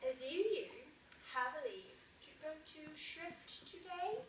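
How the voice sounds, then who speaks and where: A woman's voice: high-pitched, expressive, slow, slight background noise. Woman playing a weary, grumbling old nurse. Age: young adult. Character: fussy breathless older nurse, comic complainer. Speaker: student actor. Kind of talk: stage acting. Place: theatre stage. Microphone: far camera. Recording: echoey stage, filmed from far off.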